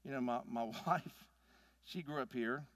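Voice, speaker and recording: A man, preaching a sermon in an animated, folksy storytelling manner. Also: medium pitch, measured pace, no room sound. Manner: animated, folksy storytelling with big swings in loudness. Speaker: pastor.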